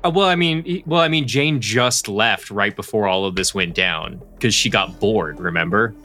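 Bright-voiced man player rambling. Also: on the low side, moderate pace, soft background music. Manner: rambling, filler-heavy. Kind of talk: tabletop role-playing game player.

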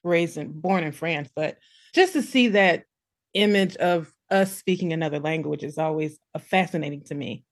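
A woman's voice: low voice, normal speed, dry recording. A woman hosting an interview, chatty and laughing along as she asks questions. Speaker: host. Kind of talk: casual interview conversation.

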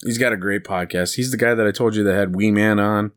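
A man's voice: fairly low pitch, fairly even intonation, fast talker. A man co-hosting a podcast in casual chat, rambling through stories and laughing at his own jokes. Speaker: podcast co-host.

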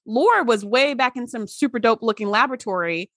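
A podcast co-host recaps a TV episode in casual chat, animatedly acting out the characters' lines as she goes. Her voice is a little high and a little fast, recorded dry with clean studio sound.

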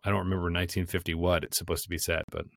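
Deep voiced guy, wry and dry, close dead sound, podcast chat. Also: flat delivery, rapid-fire, no echo. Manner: wry, articulate, dryly joking. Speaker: podcast co-host. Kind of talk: casual film review chat.

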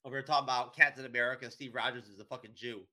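A man's voice: mid-range voice, fairly even intonation, very fast, sharp tone. A man from New York co-hosting a podcast, recapping an episode in a rambling, profane way full of "you know" and "um". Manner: rambling, profane, heavy with fillers. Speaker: podcast co-host. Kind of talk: casual recap chat.

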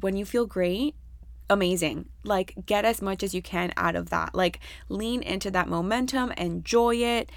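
A woman's voice: mid-range voice, gravelly, no room sound. A young woman hosting a podcast solo, talking casually and candidly with lots of fillers and swearing. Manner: chatty, candid, swears freely, many fillers. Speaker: podcast host.

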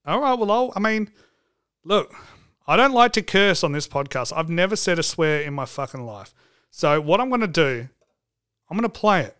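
A man's voice: on the high side, fairly bright tone, clean tone. A man hosting a comedic podcast, joking and swearing for laughs. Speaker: podcast host.

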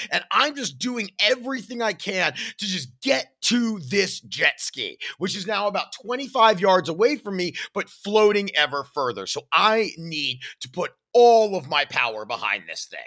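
A man telling a first-person story as a podcast host, animated and acting out his own shouts and sound effects. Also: sits high.

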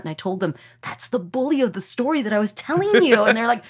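Animated woman telling a story. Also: mid-range voice, moderate pace. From Texas. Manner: animated, lots of fillers, acts out quotes. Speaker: comedian guest. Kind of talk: casual storytelling on a podcast.

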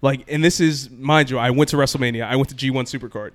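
A man telling a long trip story in casual podcast chat, animated, acting out quoted exchanges. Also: medium pitch, fast talker.

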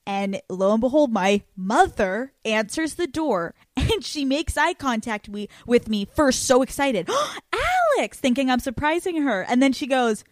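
A young woman hosting a podcast in casual chat, brash and profane, talking excitably. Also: a little high, moderate pace, hardly any pauses, no room sound. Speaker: podcast host.

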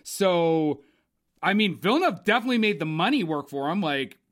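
Lively, swearing Canadian man. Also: sits high, moderate pace. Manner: rambling, joking, swears freely. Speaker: podcast co-host. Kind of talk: casual movie-review chat.

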